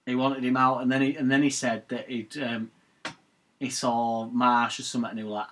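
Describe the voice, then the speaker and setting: Blunt, swearing football fan. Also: male voice, mid-range voice, level tone, normal speed, fairly bright tone. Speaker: fan channel host. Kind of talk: live match watch-along commentary.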